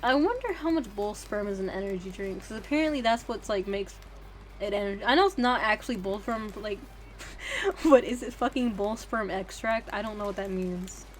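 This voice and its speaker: A woman's voice: medium pitch, lively intonation, moderate pace, a little hiss or hum. A young woman streaming a game, chatting casually in a rambling, profane, giggly way. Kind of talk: casual livestream chat.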